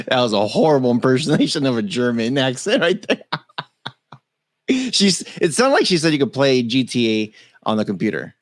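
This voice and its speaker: A man hosting a tech podcast in a loose, joking, casual way. His pitch swings widely as he talks, and the sound is dry and close, with no room around it. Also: big pitch swings, moderate pace, no room sound. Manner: loose, joking, laughs often, swears. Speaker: podcast co-host. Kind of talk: casual tech-news chat.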